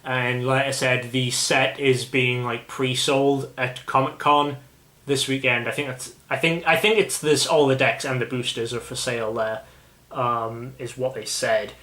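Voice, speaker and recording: A British man talks casually at a mid pitch, hosting and thinking aloud as he goes. He rambles and often restarts his sentences. The recording carries a noticeable room echo. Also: level tone, a little slow, sharp tone. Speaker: channel host. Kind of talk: casual chat about a card game. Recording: echoey room.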